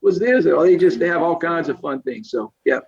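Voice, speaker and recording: A man from South Louisiana with a thick Cajun accent spins folksy stories in a casual chat. His voice sits a touch high, and he often breaks into laughter or mimics the people he talks about. The recording sounds dull and lo-fi. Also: lively intonation, brisk, vocal fry, darkish tone, breathy edge. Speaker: podcast guest. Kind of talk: casual storytelling.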